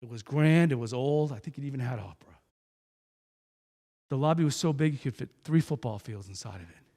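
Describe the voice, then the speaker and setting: A man from New Hampshire giving a motivational speech, telling a story with lively delivery and acting out each character. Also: mid-range voice, brisk, big-room sound. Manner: animated, acts out every character. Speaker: guest speaker.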